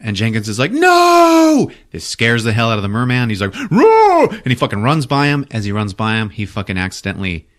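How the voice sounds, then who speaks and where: A man casually recapping a film for a podcast, swearing often, laughing and acting out quick character bits. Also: fairly low pitch, a bit bright. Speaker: podcast host.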